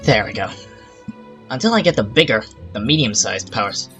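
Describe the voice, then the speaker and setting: Over soft background music, a gaming host chats his way through a park-building game in casual let's-play style, now and then venting in exasperation. The voice is lowish and animated, fairly bright in tone, at a normal speed.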